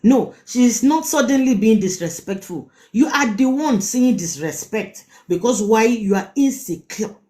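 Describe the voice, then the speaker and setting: A woman's voice: on the high side, lively intonation, a little slow, few pauses, warm tone. A middle-aged woman with a Nigerian accent, hosting a live-stream relationship advice talk; she speaks emphatically, repeats words and asks rhetorical questions. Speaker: host giving relationship advice.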